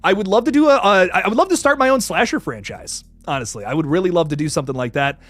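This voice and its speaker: Young guy hosting a live chat, high voice that jumps all over, laughs a lot, trips over words, dry close sound. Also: no echo. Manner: excitable, laughs often, stammers and restarts, swears casually. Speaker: livestream host. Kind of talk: casual live chat reading viewer messages.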